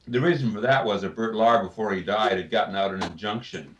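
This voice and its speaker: A man, a voice actor, telling anecdotes in an interview in an animated way, slipping into voices. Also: on the low side, a little fast, highs cut off, a little hiss or hum. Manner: animated storyteller, slips into voices. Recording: roomy, distant mic.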